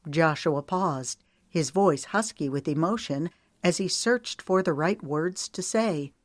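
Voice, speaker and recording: Woman audiobook narrator, low register, measured, very dry booth sound. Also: dry recording.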